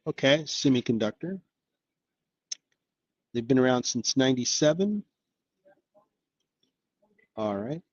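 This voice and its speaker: A man's voice: mid-range voice, lively intonation, takes it slowly, long pauses, no room sound, lo-fi sound. A man hosting an investing live stream, talking casually and upbeat, thinking aloud with lots of fillers. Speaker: investing channel host.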